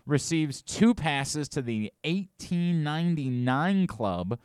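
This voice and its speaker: A man's voice: on the high side, lively intonation, slow pace, darkish tone, clean tone, no room sound, studio quality. A man hosting a radio show, chatting casually and reading contest promos with rising enthusiasm. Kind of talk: casual sports radio chat.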